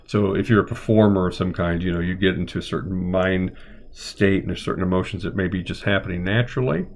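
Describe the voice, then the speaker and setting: A man's voice: low voice, darkish tone, a little hiss or hum. A middle-aged man, a therapist, giving an unscripted live-streamed lecture, rambling and thinking aloud with frequent ums and uhs.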